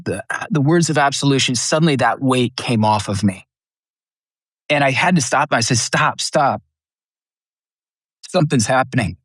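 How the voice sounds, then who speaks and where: A middle-aged man with a mid-range voice, recorded in clean studio sound without echo, earnestly tells a personal testimony as a podcast guest. He acts out the lines of people he quotes and becomes emotional, near tears at times.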